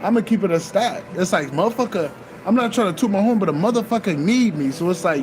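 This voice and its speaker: A man's voice: sits high, expressive, fast, noisy background. A man giving a loose, casual spiritual pep talk, swearing freely and repeating himself as he urges listeners to keep an open heart. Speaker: spiritual vlogger.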